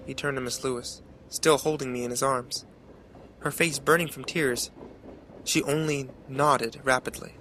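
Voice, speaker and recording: A man narrating a horror story in a measured, dramatic way. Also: medium pitch, fairly even intonation, over music.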